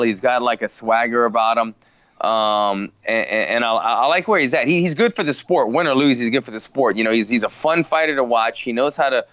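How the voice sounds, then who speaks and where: A man chats easily as a guest on a podcast, relaxed and loose, doubling up words and dropping "man" at the end of his sentences. His voice is smooth and resonant, heard over a dry line with little room sound and a slightly muffled top end. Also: mid-range voice, no echo. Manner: relaxed, repeats words, says "man" often. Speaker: guest fighter. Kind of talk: casual interview chat.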